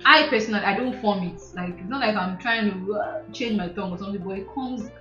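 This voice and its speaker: A woman's voice: medium pitch, fast talker. A young woman with a Nigerian English accent, chatting casually and laughing, sometimes slipping into pidgin. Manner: animated, laughing, slips into pidgin. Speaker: channel host. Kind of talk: casual chat. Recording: roomy, dull sound with faint music.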